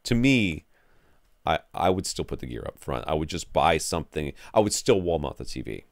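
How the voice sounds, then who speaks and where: A man's voice: rumbling low, very animated, normal speed, dry recording, studio quality. A man co-hosting a podcast, giving rambling, jokey home theater advice with lots of restarts. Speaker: podcast co-host. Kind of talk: casual chat answering listener questions.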